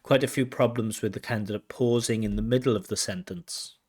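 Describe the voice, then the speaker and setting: In this spoken exam feedback lesson, a man from Wales with a lowish, slightly mellow voice talks a little fast in fairly even intonation. Acting as an examiner, he teaches through a candidate's speaking test and mimics intonation with tut sounds.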